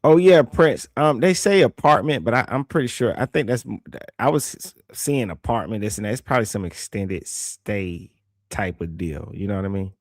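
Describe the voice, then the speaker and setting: A man giving casual reaction commentary on a news clip, animated and swearing, reading viewer comments aloud. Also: lowish voice, moderate pace, dry recording, clean studio sound.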